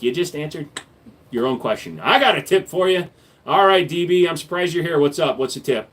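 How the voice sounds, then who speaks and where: A man's voice: a little high, lively intonation, fairly quick, a bit bright. A man hosting a casual livestream, reading viewer comments and answering with blunt, profane jokes. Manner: profane, blunt, joking banter with chat. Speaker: livestream host reading chat.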